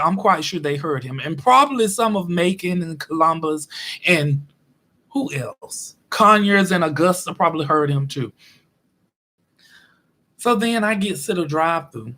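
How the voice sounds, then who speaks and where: A man telling a story in a chatty, animated way as a vlog host. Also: sits high. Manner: animated, chatty, acts out quotes. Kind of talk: casual storytelling monologue.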